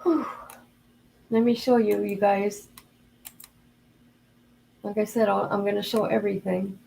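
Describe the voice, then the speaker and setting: Older female streamer, creaky voice, chatty and heartfelt with her audience. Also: mid-range voice, steady tone, a little slow, mellow, slight background noise, rough recording. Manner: chatty, talks straight to her viewers; earnest and openly emotional. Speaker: livestream host. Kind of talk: casual livestream chat.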